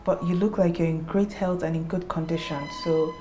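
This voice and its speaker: An actress playing a composed young doctor with a Nigerian accent, speaking firmly and calmly. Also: female voice, lowish voice, fairly quick, soft background music, lightly acted. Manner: firm, calming. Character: composed young female doctor, firm but kind.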